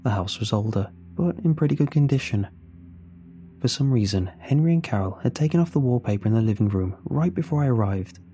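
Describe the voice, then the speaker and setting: A man narrating a first-person horror story in a measured, tense way. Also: mid-range voice, expressive, mellow. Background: faint music.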